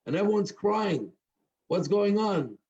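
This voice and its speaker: A man putting on a proud opera star, baffled and insistent, pitched up above his own talk. The voice is dark and mellow, with a dull, muffled recording. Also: animated, measured pace. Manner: raised, emphatic storytelling voice. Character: famous opera tenor, puzzled and proud.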